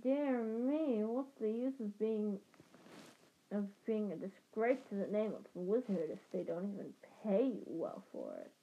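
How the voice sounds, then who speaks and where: A woman voicing a cold, sneering aristocratic wizard man, quiet and contemptuous, with a dull, lo-fi sound. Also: medium pitch, lively intonation, a little slow.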